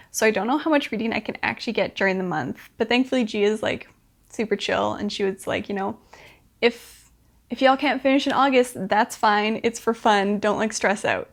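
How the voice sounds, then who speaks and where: A woman's voice: fairly high pitch, creaky. A young woman talking casually to camera as a book vlogger, chatty and upbeat, with lots of fillers.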